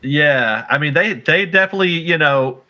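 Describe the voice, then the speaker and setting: This is a man hosting a casual podcast who keeps the talk moving. His voice has a bright, cutting edge. He rambles, repeats his words, and drops jokey asides between his points. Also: a little high, expressive, moderate pace, highs cut off. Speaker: podcast host. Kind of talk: casual chat.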